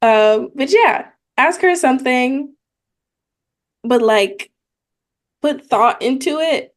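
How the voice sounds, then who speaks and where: A woman guest in casual chat, speaking in a measured, hesitant way. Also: high-pitched, animated.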